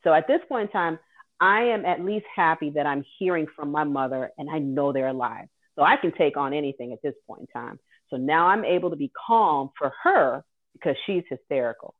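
A woman's voice: deep voice, fairly quick. Woman, earnest storyteller, personal account, tinny phone-like sound. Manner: earnest, vivid retelling. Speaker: guest host sharing her caregiving story.

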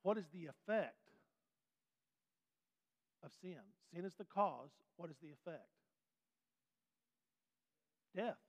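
A man teaching a Bible class in a folksy, animated way, putting questions to the class. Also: high-pitched, takes it slowly, pauses often. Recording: dull sound with long hall reverb.

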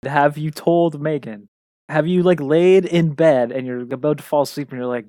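A man's voice: a little high, steady tone, normal speed, dark tone, no room sound, clean studio sound. A man co-hosting a podcast, playfully teasing and probing his friend in casual chat. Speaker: podcast co-host.

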